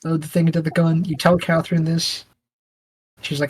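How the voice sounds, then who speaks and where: A man's voice: fairly high pitch, little pitch movement, normal speed, long pauses, a little mellow. Rambling man with faint background hiss. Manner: rambling retelling with mock voices, laughs often. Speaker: podcast co-host. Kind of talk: casual podcast chat.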